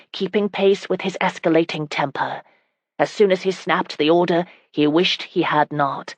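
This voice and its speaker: A woman reading a romance audiobook in calm, even storytelling. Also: deep voice, dry recording. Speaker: audiobook narrator. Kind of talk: scripted audiobook narration.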